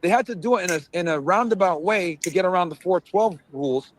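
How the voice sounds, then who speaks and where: A man's voice: high voice, quick pace, slight background noise. A man on a live stream explaining a court case in a matter-of-fact way.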